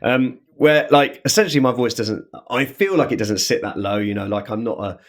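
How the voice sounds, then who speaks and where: Chatty English baritone man. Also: brisk. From England. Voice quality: high-ish baritone. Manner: lively, slips briefly into other people's voices. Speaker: guest. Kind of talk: casual interview chat.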